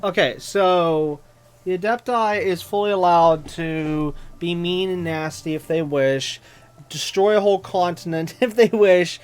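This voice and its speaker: Casting: a man with a fairly high voice, exasperated let's-play commentary. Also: a little slow, clear, resonant tone. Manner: exasperated ranting, mocking voices. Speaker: gaming channel host.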